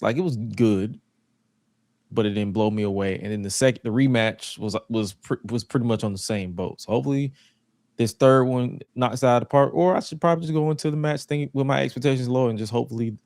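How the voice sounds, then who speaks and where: A man co-hosting a casual wrestling chat podcast, animated and laughing often, his voice jumping high when he jokes. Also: dry recording, studio quality. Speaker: podcast co-host.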